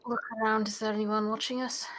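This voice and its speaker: A woman playing a tabletop game, making sassy, quick quips. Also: on the high side, flat delivery, a bit bright. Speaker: player.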